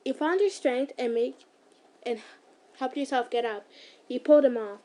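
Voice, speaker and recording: High-voiced woman casually reading a fan story. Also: normal speed, pauses often, warm tone, slight background noise. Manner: casual, stumbling reading with asides. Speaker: ASMR storyteller.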